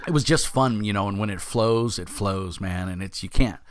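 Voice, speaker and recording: A man's voice: lowish voice, moderate pace, a loud crowd. An older man with a Brooklyn accent hosting a casual interview over a video call, joking, cursing and rambling as he talks. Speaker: podcast host.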